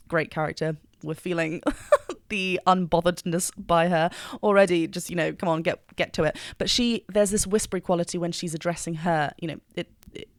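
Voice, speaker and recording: A woman's voice: lowish voice, no room sound, studio quality. A woman vocal coach giving enthusiastic, technical reaction commentary, singing short examples now and then.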